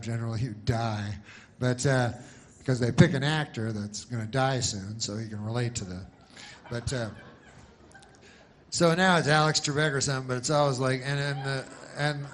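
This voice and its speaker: A man doing rambling stand-up comedy in a deadpan, meandering way. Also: medium pitch. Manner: deadpan, meandering, slow-burn.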